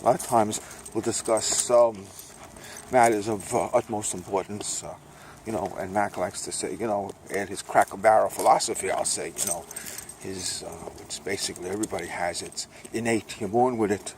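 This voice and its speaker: An older man with a thick Brooklyn accent rambles folksily while filming on his phone out on a walk. His voice sits a bit low and has a gravelly edge. The phone recording is noisy with outdoor sound. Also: steady tone, moderate pace. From Brooklyn, New York. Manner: meandering, chatty, folksy, playful asides. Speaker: vlogger. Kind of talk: rambling casual vlog on a walk. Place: outdoors on a walk, by a road and railway. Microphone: phone camera. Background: outdoor noise.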